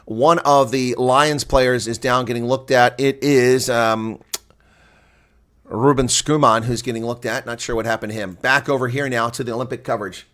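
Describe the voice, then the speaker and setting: Bright-voiced man calling live rugby. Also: medium pitch. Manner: rapid play-by-play, jumping to excited shouts on big plays; chatty asides to viewers. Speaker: rugby commentator. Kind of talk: live play-by-play reaction commentary.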